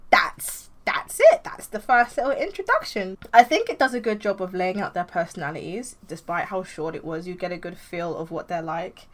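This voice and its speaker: A young woman explains her comic plan in a loose, chatty way, full of fillers. Her voice sits a bit low for a woman. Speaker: comic creator. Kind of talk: casual retelling of a comic plan.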